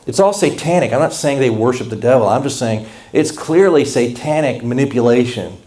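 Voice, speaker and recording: A man's voice: mid-range voice, expressive, a little fast, dark tone. Blunt, impassioned man preaching a sermon. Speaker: pastor.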